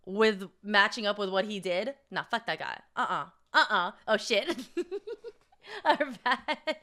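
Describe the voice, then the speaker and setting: A young woman vlogger telling stories in casual chat, profane and animated, often laughing and acting out quotes. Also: medium pitch, slow.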